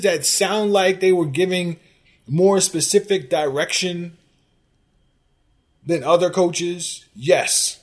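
Host, male, slightly high voice, sarcastic exasperated rant with loud bursts. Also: slow, pauses often. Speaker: sports podcast host. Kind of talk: ranting commentary on fan comments.

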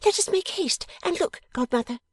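A man's voice: very high-pitched, lively intonation, normal speed, dry recording, voice pushed up. A man reading aloud, voicing a small, frantic crippled girl who pleads and wails. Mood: eager. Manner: wailing, pleading.

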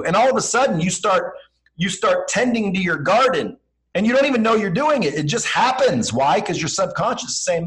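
A man's voice: high-pitched, expressive, a little fast, fairly bright tone, low-quality recording. A man as a podcast guest giving blunt, slangy motivational advice and acting out bits of dialogue as he talks. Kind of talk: motivational advice in casual conversation.

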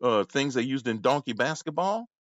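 A man rants through a comedic podcast chat, his pitch leaping up and down as he goes. He talks in a profane, rambling way, loud one moment and mumbling the next. The sound is dry and a little dull. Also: animated, normal speed, no room sound. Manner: rambling, profane, swings between loud outbursts and low mumbling. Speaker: podcast host.

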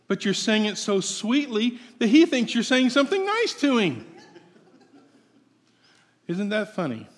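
In a long, reverberant hall, a male pastor preaches unhurriedly in a high-pitched, slightly raised voice. His sermon is playful and conversational, and he keeps asking the congregation questions.

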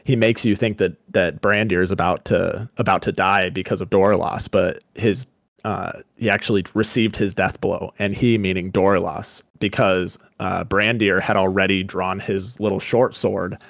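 Low-voiced man retelling a story casually. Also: fairly even intonation, creaky, dry recording, clean studio sound. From Colorado. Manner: chatty, paraphrases characters in quick asides. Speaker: podcast co-host.

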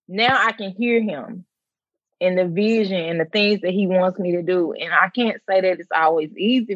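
Woman, teacher and mom, reflective faith talk, lowish voice, close and dry. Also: no room sound, dull audio. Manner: earnest, reflective, quotes others in lively voices. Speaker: mother of twins. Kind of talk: faith conversation, personal sharing.

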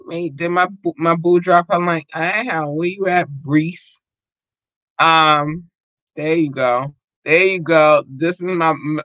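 A man's voice: fairly high pitch, pushed and bright, no echo, muffled recording. Rambling, cussing man hosting a podcast. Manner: rambling, profane, many fillers, addresses listeners as y'all. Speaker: podcast host. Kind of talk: casual livestream chat.

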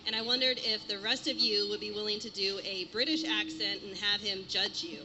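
A woman in the audience asks a question, polite and a little hesitant. Her voice sits at a middle pitch. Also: steady tone, a little fast, bright, forceful tone, rough recording. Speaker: audience member.

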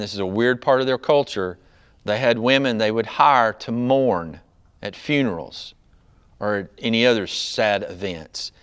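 This pastor's tone is clear and resonant as he preaches conversationally, repeatedly asking the congregation "right?" and building up to loud, high-pitched emphasis.

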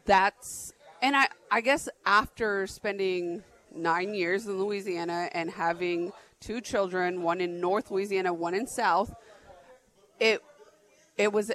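A woman's voice: mid-range voice, a little slow, fairly bright tone, poor audio. A woman in her thirties from Arizona, chatting casually as a podcast co-host and rambling with lots of filler words and restarts. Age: 30s. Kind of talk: casual chat.

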